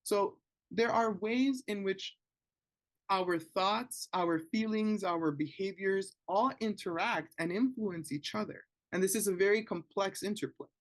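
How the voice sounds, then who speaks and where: A man giving a conversational webinar talk to parents, often pausing to ask "right?" as a check-in. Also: sits high. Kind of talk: informal educational talk.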